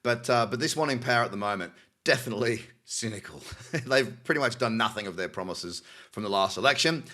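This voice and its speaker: A man's voice: lowish voice, fairly bright tone. A man with an Australian accent hosting a crypto news show, reading articles aloud and adding cynical, chatty asides. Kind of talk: casual news commentary.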